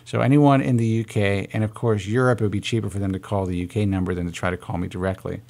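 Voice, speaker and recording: A man's voice: on the low side, fairly even intonation, fast talker, creaky, darkish tone. A man hosting a radio call-in show, rambling and joking with callers in casual chat.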